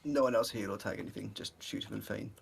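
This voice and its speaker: A man chatting casually over a headset mic in online game voice chat, leading his group and listing things off in short, relaxed bits. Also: on the low side, quick pace, gravelly, a little hiss or hum.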